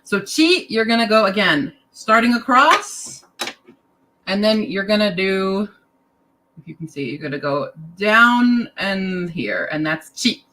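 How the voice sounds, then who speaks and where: A young woman leads a casual online lesson in a bright voice at an unhurried pace. She sounds tired and chatty, drifting into side remarks and making fun of herself. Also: mid-range voice, lively intonation, slight background noise, low-quality recording. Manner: chatty, self-deprecating, drifts into asides and laughs. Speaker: language teacher.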